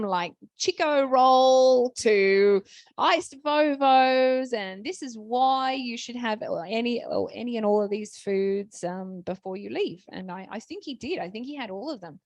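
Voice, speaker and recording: A woman's voice: a little high, animated, moderate pace, few pauses, no echo. A woman author speaking on a festival panel, telling stories in a chatty way with many restarts.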